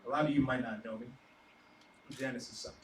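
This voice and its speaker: A young man giving an unprepared, halting speech, choked up with emotion. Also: medium pitch, fairly even intonation. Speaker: speaker's son. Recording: echoey hall, distant mic, room noise.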